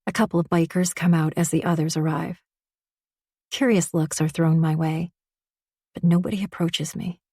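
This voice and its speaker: A woman narrating a first-person romance audiobook in an intimate voice that often drops to a breathy near-whisper. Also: fairly low pitch, fairly even intonation, normal speed, pauses often, mellow, no room sound, clean studio sound.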